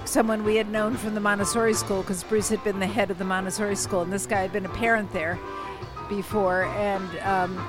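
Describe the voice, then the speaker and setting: An older woman calmly telling a personal story in a conversational way, with many fillers and restarts. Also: mid-range voice, low-quality recording.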